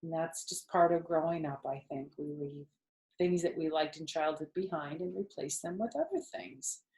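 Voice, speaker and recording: An older woman reading a children's book aloud, gently explaining words and asking questions. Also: deep voice, moderate pace. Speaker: storytime host, children's book reader. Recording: roomy echo.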